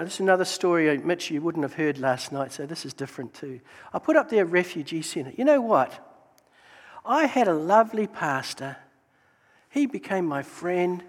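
A man telling faith stories in a church testimony talk, animated and exclaiming praise. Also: high voice. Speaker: Gideons member giving testimony. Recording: long hall reverb.

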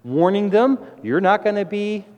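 A middle-aged man preaching a sermon with emphatic delivery, his voice rising to loud exclamations. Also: high voice, lively intonation, normal speed, dull audio. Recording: long hall reverb.

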